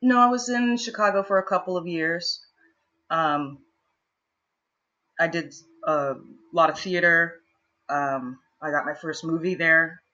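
Brief: woman guest, chatty storyteller, bright forceful voice, dull muffled recording. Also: low voice. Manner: chatty, many fillers and restarts. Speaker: guest, actress and improv performer. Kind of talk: casual storytelling interview.

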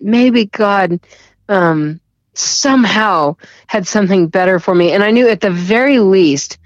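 A woman giving an earnest, halting personal testimony in conversation, often repeating words and laughing softly. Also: medium pitch, no room sound, dull audio. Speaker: guest sharing a testimony.

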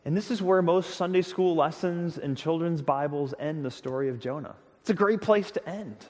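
Emphatic pastor preaching in a reverberant hall. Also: male voice, on the high side, moderate pace. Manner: expressive, emphatic storytelling with stammered restarts. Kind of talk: sermon.

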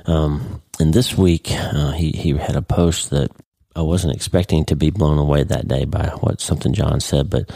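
Brief: middle-aged male podcast host, low mellow voice, unscripted and earnest. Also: steady tone, normal speed, gravelly, dry recording. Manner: earnest, off-the-cuff with frequent restarts. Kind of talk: casual unscripted podcast monologue.

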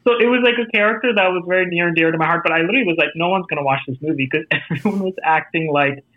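A man with an American accent, an actor telling stories about his career in a casual interview, animated and acting out quoted voices. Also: a little high, racing, dry recording. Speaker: actor and festival jury guest. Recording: tinny phone-like line.

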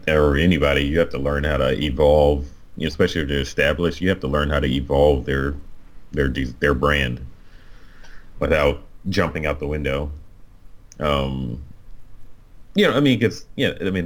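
Chatty male podcast co-host, low voice, animated and self-deprecating. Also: normal speed. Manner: animated, self-mocking, full of fillers. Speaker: co-host, designer and painter. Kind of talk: casual podcast chat.

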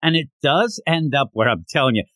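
Lively man retelling manga chapters. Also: on the high side, a little fast, dry recording. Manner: animated retelling with acted-out quotes. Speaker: podcast co-host. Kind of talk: casual manga discussion.

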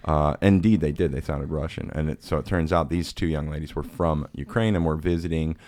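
A man's voice: extremely low pitch, steady tone, fairly quick, a little mellow. A man hosting a podcast, telling a rambling, profane, self-mocking story in casual chat. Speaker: podcast host.

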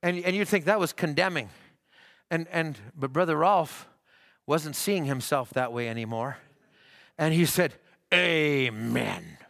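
A pastor preaching a sermon in church, rising to fervent shouts, with frequent halting restarts. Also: male voice, a little high.

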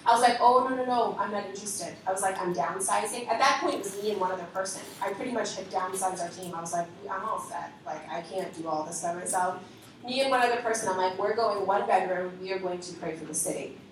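A woman leader giving a lively spoken testimony to a congregation, acting out the conversations she recounts. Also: mid-range voice, quick pace, slight background noise. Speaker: ministry leader. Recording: echoey hall from far off.

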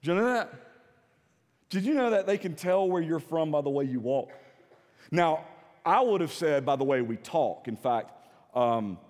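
Male preacher, Southern accent, slightly high voice, long church reverb; swings from soft to forceful. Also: lively intonation, moderate pace, long pauses. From South Carolina. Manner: preaching with swings from soft low to loud emphatic. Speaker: pastor. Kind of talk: sermon. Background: audience laughter.

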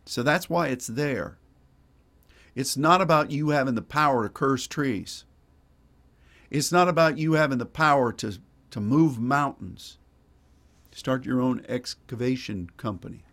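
A man's voice: mid-range voice, measured pace, pauses often, fairly bright tone. A male pastor preaching a sermon in a folksy, digressive way with wry asides.

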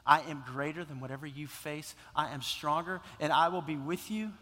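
A man voicing God as a calm, tender, reassuring male deity, speaking slowly and gently. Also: on the high side, long reverb tail, pitched below the performer's own voice. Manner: slow, hushed and gentle.

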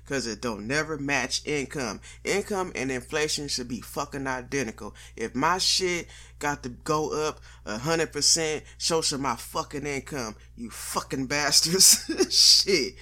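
Male host, bright forceful voice, blunt profane slangy rant, sarcastic. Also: medium pitch, lively intonation, normal speed. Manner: slangy vernacular delivery. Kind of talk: profane comedic monologue.

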